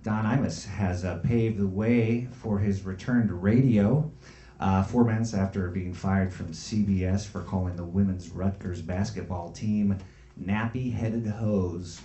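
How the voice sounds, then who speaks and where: A lower male voice drawls through mock headlines, very slow and deadpan. The room is echoey, with faint hiss. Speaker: comedian. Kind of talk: mock news read.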